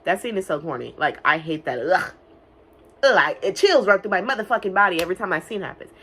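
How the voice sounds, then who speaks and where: A young woman casually recapping an animated film, talking fast and loose with lots of filler words and swearing. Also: lowish voice, slightly rough. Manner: chatty, profane, many "like" fillers; quick bursts of mock-singing and silly character voices. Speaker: movie reviewer.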